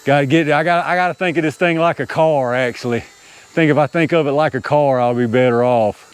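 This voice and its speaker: A man's voice: fairly high pitch, fairly quick, clean tone. A man gives casual running commentary outdoors while flying a model helicopter, talking to viewers and laughing at his own panicky moments. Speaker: RC hobby video host. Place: outdoors, small open area.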